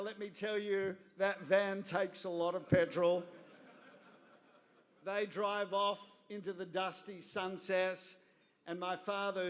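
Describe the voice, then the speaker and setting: An Australian man in his fifties giving a speech at a gala dinner, telling a story with deliberate, wry comic timing. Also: high voice. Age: 50s. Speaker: guest speaker at a gala dinner. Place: large banquet hall. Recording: reverberant hall.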